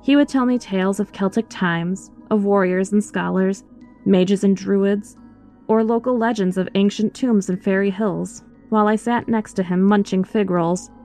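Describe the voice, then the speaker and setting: A woman reads a first-person horror story aloud with faint music behind her, using an expressive, scripted storytelling voice. She speaks at medium pitch and a normal speed.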